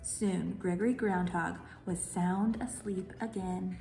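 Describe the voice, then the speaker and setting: A woman librarian leading a children's story time, reading a picture book aloud in a lively way. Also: mid-range voice, measured pace. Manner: animated, cheerful with children. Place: in front of a green screen. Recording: roomy echo, faint music.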